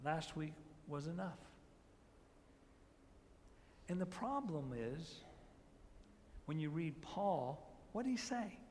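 A man preaching a sermon as pastor, swinging between hushed, drawn-out emphasis and loud, rising peaks, with repeated phrases and rhetorical questions. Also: fairly high pitch, very animated, in a large hall, a little hiss or hum.

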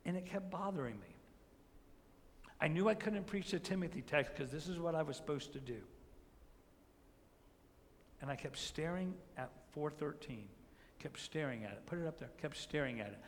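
A man preaching a sermon as pastor, swinging between hushed, drawn-out emphasis and loud, rising peaks, with repeated phrases and rhetorical questions. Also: on the high side, expressive, long reverb tail, slight background noise.

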